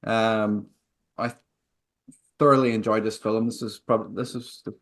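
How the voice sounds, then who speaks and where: A man co-hosting a casual film podcast, dropping dry, deadpan quips. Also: lowish voice, measured pace. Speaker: podcast co-host.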